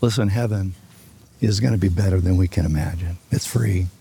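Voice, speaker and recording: Older man preaching, gravelly and husky. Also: low voice, fairly quick, mellow. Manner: folksy, conversational, joking. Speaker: pastor. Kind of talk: sermon. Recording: long reverb of a large hall.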